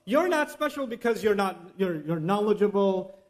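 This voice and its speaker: A man with a high, light voice delivers a sermon. He talks to the audience casually, acts out the excuses people tell themselves, and recites verses quickly in Arabic. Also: expressive. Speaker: preacher.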